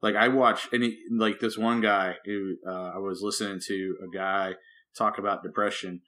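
A man who is a pastor and podcast co-host, talking casually in rambling, animated bursts full of restarts. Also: lowish voice, normal speed. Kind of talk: casual chat.

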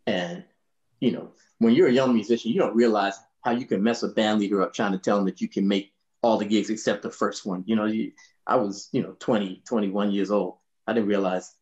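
A man in his sixties, a bass player, telling anecdotes in a relaxed, laughing way, often saying "you know". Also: a little fast, muffled recording. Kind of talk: anecdotal storytelling in a panel.

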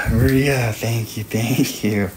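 This Australian man in his thirties has a steady, medium-pitched voice with a slightly bright edge, and he takes his time. There's a light hiss or hum as he chats on a late-night stream, playfully teasing viewers while reading their chat out loud.

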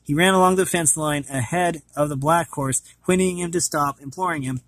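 A man reading a storybook aloud at a steady pace. His voice is a little higher than most men's and sounds close and dry. He often trips over words and goes back to fix them. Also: normal speed, no room sound. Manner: stumbling, often correcting himself mid-sentence. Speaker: storybook reader.

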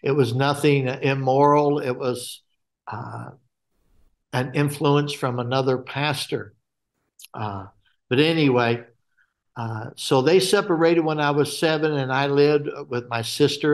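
A man from Alaska, a guest telling his faith testimony in a halting way with many fillers and restarts. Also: mid-range voice.

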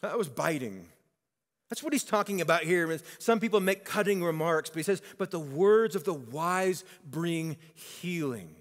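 A man's voice: fairly high pitch, moderate pace, hardly any pauses. Man preaching in a reverberant hall. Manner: conversational, animated storytelling with acted quotes. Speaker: pastor. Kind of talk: sermon.

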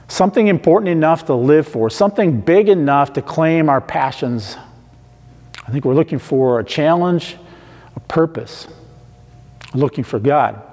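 A man preaching an online sermon in a church, slow and emphatic, repeating questions to the listeners. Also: a little high, a little mellow. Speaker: pastor. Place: church sanctuary. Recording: long hall reverb.

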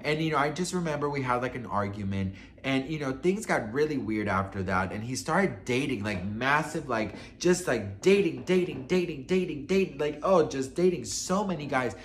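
A man's voice: mid-range voice, expressive, normal speed, hardly any pauses, slight background noise. Chatty profane man telling a story. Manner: chatty and profane, addresses viewer as best friend. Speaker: gossip storyteller vlogger. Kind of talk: casual storytime chat.

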